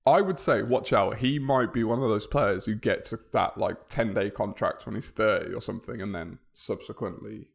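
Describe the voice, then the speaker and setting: A man's voice: on the low side, normal speed, creaky, hardly any pauses. A man co-hosting a podcast who explains things at length in casual chat and slips in dry jokes. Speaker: podcast co-host.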